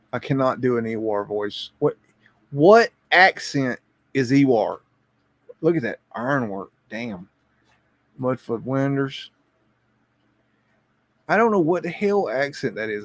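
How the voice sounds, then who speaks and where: A man hosting a live stream, rambling and chuckling as he thinks aloud and reacts to images, often repeating his words. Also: medium pitch. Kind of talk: casual live stream commentary.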